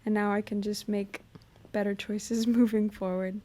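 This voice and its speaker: A woman's voice: medium pitch, moderate pace. A young woman hosting her own podcast, talking through a personal story in a casual, reflective way, with lots of "you know" and "like". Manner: relaxed, chatty, frequent "you know" and "like". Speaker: podcast host.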